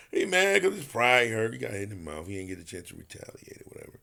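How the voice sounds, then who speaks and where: A man who is a retired boxer, guesting on a podcast and telling a story in an animated, profane way while acting out the quotes. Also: on the low side, fast talker, creaky.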